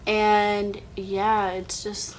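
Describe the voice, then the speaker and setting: A woman's voice: medium pitch, monotone, extremely slow, a little hiss or hum. A young woman telling a casual storytime to her viewers, chatty and full of "like" fillers, calling the viewer "girl".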